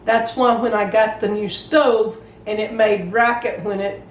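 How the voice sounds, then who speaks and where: A woman's voice: medium pitch, steady tone, unhurried, reverberant, far from the mic, slight background noise, low-quality recording. An older woman with a Southern US accent, co-hosting a homestead channel and chatting plainly and homey with viewers. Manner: plainspoken, homey, explains things. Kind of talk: casual chat to viewers.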